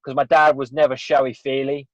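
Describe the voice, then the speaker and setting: Rambling earnestly, the Englishman shares a personal tale as a guest on a casual podcast interview, peppering it with "you know" and "right?". His medium-pitched delivery shows little pitch movement and runs a little fast over a dull, dry recording.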